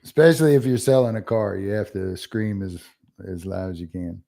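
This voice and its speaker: Low-voiced man telling stories. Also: moderate pace, creaky, warm tone. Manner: rambling storyteller. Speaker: podcast co-host. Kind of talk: casual chat.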